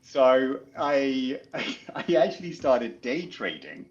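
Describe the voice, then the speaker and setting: A man's voice: mid-range voice, lively intonation, slow, highs cut off. A man raised in England, a golf coach, telling stories in a casual interview and laughing as he goes.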